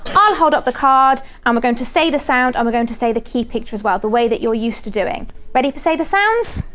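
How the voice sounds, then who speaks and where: A woman with a southern English accent teaching phonics to a class of young children, speaking clearly and encouragingly and sounding words out slowly. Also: a little high, expressive, noisy background. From southern England. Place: primary school classroom.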